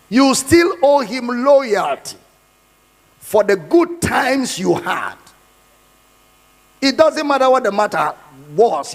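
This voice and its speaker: Man, pastor, emphatic sermon, high voice, long hall reverb. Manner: emphatic preaching, repeats lines. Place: church hall.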